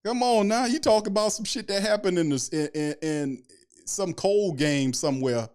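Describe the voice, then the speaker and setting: A man's voice: sits high, normal speed, darkish tone. A man hosting a late-night live sports stream, ranting bluntly in slang and laughing often. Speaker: sports podcast host.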